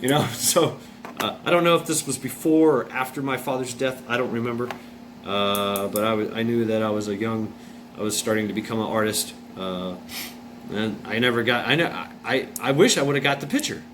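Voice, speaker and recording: A man telling a personal story in a casual, rambling way, repeating himself, restarting, filling pauses with uh and swearing bluntly. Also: mid-range voice. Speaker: vlogger. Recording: noisy room with air conditioner hum. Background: air conditioning hum.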